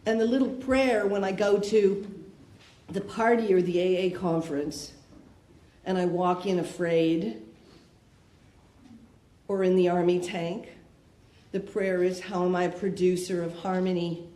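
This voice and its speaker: This Canadian woman's personal share at a recovery talk comes in a low, dark, steady voice, unhurried and with frequent pauses. She speaks candidly, asking rhetorical questions conversationally, in an echoey room with faint noise.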